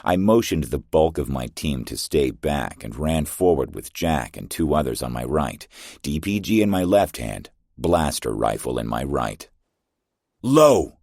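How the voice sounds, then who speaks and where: A man narrating a first-person science fiction audiobook in a steady, terse way. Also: rumbling low, moderate pace, no room sound, studio quality.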